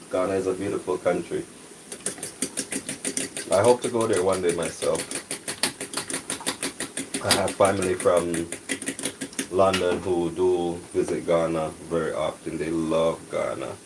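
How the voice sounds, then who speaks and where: Cooking breakfast at home, a man talks softly and casually to viewers on his live cooking stream. His voice sits low and he's a little slow, relaxed and chatty, with long pauses. Kitchen noise fills the background.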